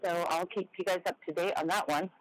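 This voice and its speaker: A woman's voice: lowish voice, steady tone, fairly quick, low-quality recording. A woman co-hosting a podcast, speaking sincerely and earnestly as she closes the show. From Oregon, United States. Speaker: podcast co-host. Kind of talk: heartfelt closing remarks.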